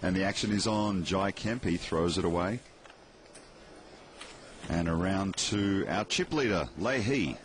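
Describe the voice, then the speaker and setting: A man calling play-by-play on a poker broadcast, crisply announcing cards and bets. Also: low voice, animated, a little slow, pauses often, slight background noise. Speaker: play-by-play host.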